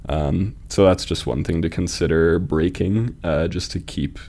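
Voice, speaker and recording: A man casually critiquing submitted poems, thinking aloud with fillers and restarts and reading verse lines slowly to test their stresses. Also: low voice, dark tone. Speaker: host reviewing fan poetry submissions.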